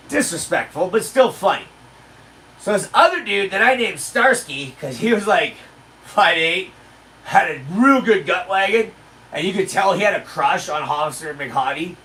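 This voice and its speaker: Man, crude boastful storyteller, fairly high voice, slightly distant mic. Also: sharp tone. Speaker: livestream host. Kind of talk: casual storytelling. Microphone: handled desk mic.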